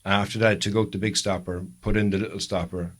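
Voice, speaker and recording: A man's voice: lowish voice, level tone, fast talker. An Irish man co-hosting a podcast, chatting casually and telling long, rambling stories that he often corrects as he goes. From Ireland. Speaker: podcast co-host. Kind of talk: casual chat.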